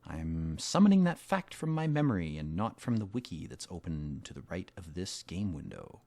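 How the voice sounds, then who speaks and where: A man's voice: sits low, very animated, normal speed, vocal fry, warm tone, no echo. A man hosting a let's play, commenting on a game in a rambling, wry, offhand way.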